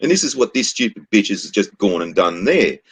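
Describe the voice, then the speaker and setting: A man's voice: fairly low pitch, big pitch swings, fairly quick, breathy edge. A man from Australia with an Australian accent, ranting bluntly and profanely in casual chat.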